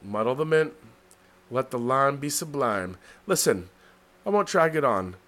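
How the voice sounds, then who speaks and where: A man's voice: mid-range voice, animated, unhurried, fairly bright tone. A man hosting a casual podcast chat, rambling and heavy on fillers as he tells stories. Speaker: podcast host. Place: New York City.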